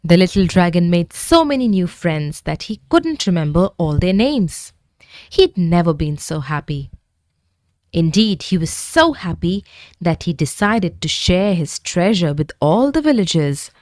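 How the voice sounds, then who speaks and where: A woman reads a bedtime story aloud, gentle and expressive. Her pitch rises and falls freely while her pace stays slow and unhurried. The recording is close and dry. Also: dry recording.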